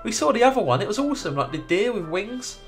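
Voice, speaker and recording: A chatty, easily offended little creature, as a man reads him aloud, pushed higher than his own voice. He sounds chirpy and sarcastic, bouncing around a lively range. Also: quick pace, faint music behind. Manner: chirpy, sarcastic, mock-hurt. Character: cheeky little male creature, touchy and chatty.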